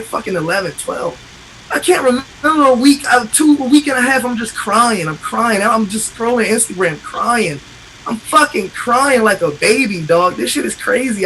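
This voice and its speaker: A man's voice: high-pitched, gravelly, fairly bright tone, slight background noise, rough recording. A man talking in an emotional, profane casual chat as a podcast host, passionate and repetitive.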